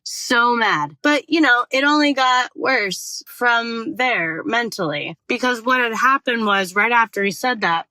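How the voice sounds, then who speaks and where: A woman hosting a podcast, telling a personal story in a rambling, expressive way, cursing freely and correcting herself as she goes. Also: on the high side, unhurried, hardly any pauses, no room sound. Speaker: podcast host. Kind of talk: casual storytelling monologue.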